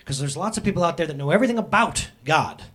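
A man's voice: a little high, expressive, fast, a bit bright, husky. A man preaching a casual sermon in church, joking and addressing the congregation directly. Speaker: pastor. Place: church sanctuary.

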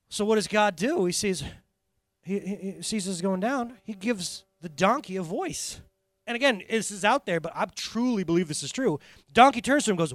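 A man preaching from the pulpit, voice leaping up and down as he tells a story. He drops low and intense for serious points, then bursts out loud. The sound is close and dry. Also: fairly quick, dry recording. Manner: animated storytelling, swinging from quiet intensity to loud laughing bursts. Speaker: pastor. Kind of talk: sermon.

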